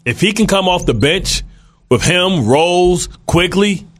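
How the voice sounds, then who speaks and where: A man's voice: high voice, expressive, slow pace. A man co-hosting sports radio, joking and interjecting in the banter. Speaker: radio co-host.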